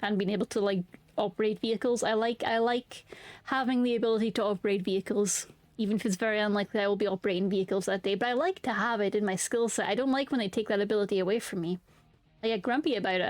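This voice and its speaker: A woman's voice: mid-range voice, fairly even intonation, fast, dry recording, faint music behind. A young woman streaming casually, chatting to her viewers and humming filler tunes between remarks. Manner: bubbly, hums and sings filler tunes. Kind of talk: casual live-stream chat.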